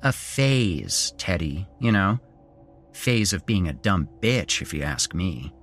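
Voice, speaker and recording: A man's voice: low voice, animated, a little slow, a bit bright, faint music behind. A man doing a sarcastic twelve-year-old boy. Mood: sardonic.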